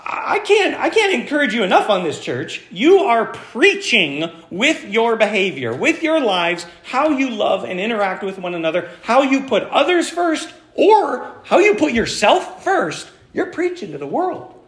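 A man's voice: extremely high pitch, sing-song, a little slow, hardly any pauses, fairly bright tone, roomy sound. A man preaching a sermon as pastor, talking in a conversational way with fillers and restarts. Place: church.

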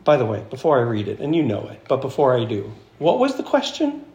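A man preaching an emphatic sermon as pastor, slowing down to stress key phrases. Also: mid-range voice, wildly swooping pitch, darkish tone, lo-fi sound. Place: church sanctuary. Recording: echoey church hall.

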